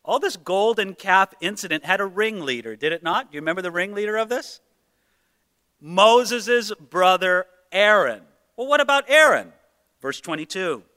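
A pastor delivers an emphatic sermon, driving his points home with rhetorical questions and acted-out quotes. His voice is very high and intensely bright. A long reverb from a large hall follows every line. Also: expressive, moderate pace. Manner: emphatic, rhetorical, with dramatized quotations.

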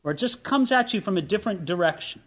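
A man's voice: high voice, expressive, quick pace, a bit bright. A man preaching a sermon as pastor, asking rhetorical questions and reading scripture with emphasis.

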